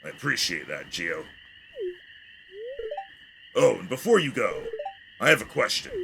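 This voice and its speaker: A man's voice: on the low side, a little slow, vocal fry, pitched below the performer's own voice, heavily acted. A man voicing an earnest male detective in a video game, talking in a determined, pleading way. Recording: steady background noise.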